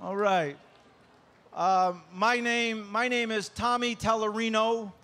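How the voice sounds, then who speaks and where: A man's voice: sits high, fairly even intonation, slow pace, bright, forceful tone. A male stand-up comedian opening his set with loose crowd work and stammered restarts on a stage microphone. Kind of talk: live stand-up opener.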